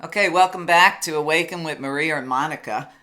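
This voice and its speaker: A woman hosts a radio talk show, chiming in with short agreements and moving the show along to the break. Her voice has a bright, forceful edge. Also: sits low, brisk. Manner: brief affirming replies, steers to breaks. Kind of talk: casual chat.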